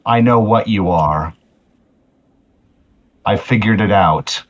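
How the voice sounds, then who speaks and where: A man playing a stern, resolute stallion pony in a tabletop game, speaking slowly and firmly. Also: fairly low pitch, highs cut off, pitched below the performer's own voice.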